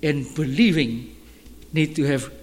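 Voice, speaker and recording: A man preaching as a pastor, telling stories in an animated way and shouting at the high points. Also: a little slow, slight background noise. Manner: animated storytelling, shouting at peaks. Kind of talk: sermon storytelling. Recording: long hall reverb.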